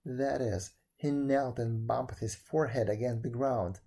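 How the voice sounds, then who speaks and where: A man reading a folk tale aloud in a measured, even narrating voice. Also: mid-range voice, vocal fry. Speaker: storyteller. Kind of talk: storybook read-aloud.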